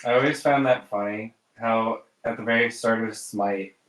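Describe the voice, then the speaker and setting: Casual male co-host, bright forceful voice, roomy room, distant mic, animated storyteller. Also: on the low side, moderate pace. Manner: animated storytelling with exaggerated asides. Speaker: podcast co-host. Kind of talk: casual family chat.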